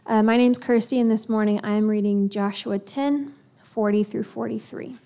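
A woman reading scripture aloud to a church congregation at a steady, measured pace. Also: medium pitch. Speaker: scripture reader.

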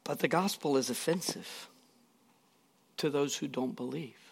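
A man preaching a sermon, his voice a little higher than most and edged with gravel. He is earnest and emphatic, leaning into key lines and breaking off for casual asides. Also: measured pace. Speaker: pastor.

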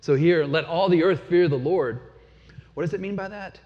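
A man's voice: on the high side, moderate pace. Man preaching in a reverberant hall. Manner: conversational, asks the listeners questions. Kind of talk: sermon. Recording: dull sound with long hall reverb.

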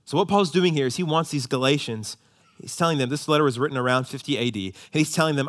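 A man preaching a sermon, swinging between hushed, low emphasis and loud, high-pitched exhortation. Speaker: pastor.

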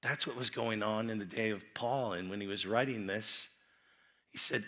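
Preaching at a youth rally in a voice on the low side, this man keeps a moderate pace. His sermon swings between quiet asides and loud, emphatic outbursts, with phrases frequently repeated and restarted.

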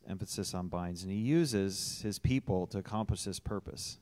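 A man giving a church testimony, deliberately stressing key words of scripture. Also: low-pitched, a little mellow. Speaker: church member giving thanks. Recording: long church hall reverb.

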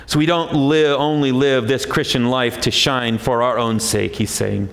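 A man preaching a sermon, emphatic, rising often to a high, forceful pitch. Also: fairly even intonation, measured pace, creaky. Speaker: pastor.

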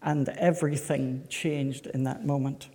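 Slow, emphatic preacher man. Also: mid-range voice, fairly even intonation, warm tone. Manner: slow, emphatic, rhetorical questions to the congregation. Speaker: pastor. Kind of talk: sermon. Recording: echoey hall.

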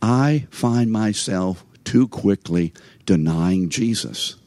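A man's voice: lowish voice, lively intonation, takes it slowly, warm tone, dry recording. An older man giving a sermon as a story, chatty and conversational, speaking straight to his listeners. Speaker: preacher.

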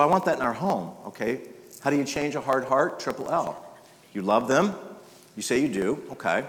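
A fairly low-voiced man preaches a sermon in a church, his voice trailing in a long hall reverb. He talks in a conversational way, sinking to quiet, intimate lines and then pushing up for emphasis.

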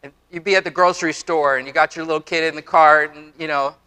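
A man in his forties preaches to a congregation in an earnest, conversational way, doubling back on his words and dropping in casual asides. His voice sits high for a man, with a bright, forceful edge. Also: steady tone, quick pace, clear, resonant tone. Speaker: pastor. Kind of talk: sermon. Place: church before a congregation.

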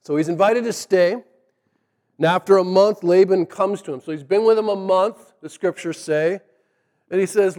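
A male preacher with a high voice retells the story in a casual, animated way, slipping into the characters' lines as he goes. His voice rings out with the long reverb of a big hall. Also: normal speed. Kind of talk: sermon storytelling.

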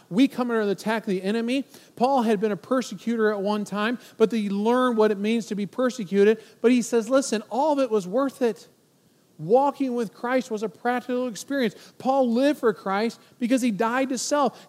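A man in his forties preaches to his congregation with a high, bright voice. He is animated and playful, dropping into mock-worried voices to make his point. A long church-hall reverb trails each phrase. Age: 40s. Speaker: pastor. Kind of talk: sermon.

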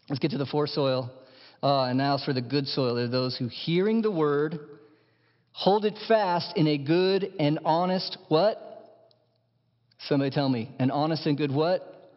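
A man with a fairly high-pitched voice preaches a sermon as a pastor, impassioned, dropping to hushed lines before rising to emphatic ones. The sound is dull and echoes through a large, reverberant hall.

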